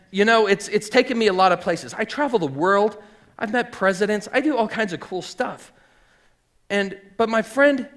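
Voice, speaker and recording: A middle-aged man who owns a hat shop, telling his personal story as an animated storyteller, acting out the voices of people he quotes and often saying um and like. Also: high-pitched. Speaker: hat maker and shop owner.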